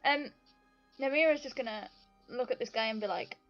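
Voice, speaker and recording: High-voiced blunt woman player. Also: moderate pace, a bit bright, dull audio, soft background music. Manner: blunt, laughing, swears. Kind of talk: casual tabletop role-play.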